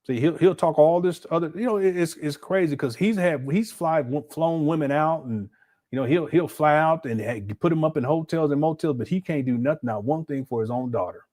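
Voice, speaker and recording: Colloquial livestream host, incredulous commentary. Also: male voice, a little high, fairly quick, darkish tone. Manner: incredulous, colloquial, stammers and repeats. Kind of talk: casual commentary.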